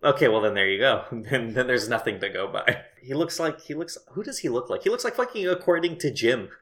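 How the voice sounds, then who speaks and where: A man co-hosting a podcast in casual chat, animated, swearing casually and laughing often. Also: medium pitch, a little fast. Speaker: podcast co-host.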